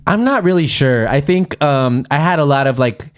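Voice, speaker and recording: A man's voice: a little high, lively intonation, moderate pace, clear, resonant tone. A man from the Los Angeles area, co-hosting a podcast and telling a candid, rambling story full of fillers. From Los Angeles area, USA. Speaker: podcast co-host. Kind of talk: casual chat.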